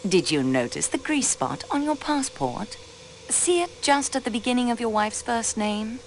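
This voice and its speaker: In a video game, a young woman railway clerk serves as the player's detective, questioning suspects politely but pointedly with French courtesies. Her mid-pitched voice has a very lively melody and a moderate pace, over a faint hiss in a rough recording.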